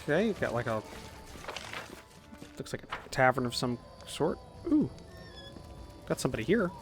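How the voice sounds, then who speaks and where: Relaxed man narrating his gameplay. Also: mid-range voice, moderate pace, faint music behind. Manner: relaxed, reads dialogue aloud with filler words. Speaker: let's play host. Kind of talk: casual gameplay commentary.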